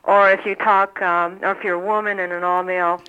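A woman with a bright, tense voice calls in to a radio show. She speaks earnestly, halting with fillers, over a dull phone-line sound. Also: fairly low pitch, level tone, slight background noise. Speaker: caller. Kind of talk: call-in radio conversation.

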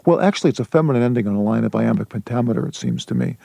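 A man, a playwright and translator, answering a radio interview in a halting way with many restarts. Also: mid-range voice, vocal fry, warm tone, dry recording.

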